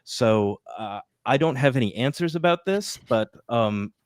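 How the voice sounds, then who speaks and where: A man's voice: medium pitch, animated, measured pace, no room sound. Podcast co-host, male, casual and chatty, dry close sound. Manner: chatty, with fillers and asides.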